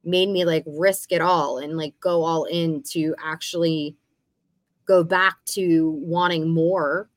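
A woman's voice: deep voice, steady tone, takes it slowly, no room sound. A woman in her thirties co-hosting a casual podcast, telling stories and acting out past conversations. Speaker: podcast co-host. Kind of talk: casual chat.

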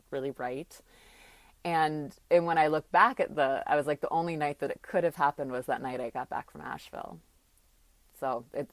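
Low-voiced woman telling a candid story. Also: dry recording. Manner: reflective and open, many fillers and restarts. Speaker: personal storyteller.

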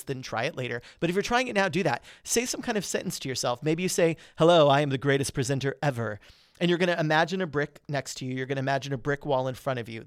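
A man hosting a podcast, giving quick, energetic coaching tips on presenting with melodic, well-placed pauses. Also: a little high, clean tone, no room sound, studio quality. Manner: melodic, modulated emphasis. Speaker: podcast host.

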